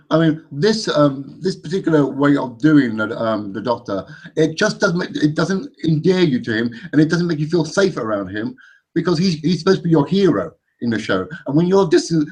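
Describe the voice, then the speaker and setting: A man in casual fan chat, giving measured opinions with hesitant restarts. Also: a little high, animated, darkish tone, husky.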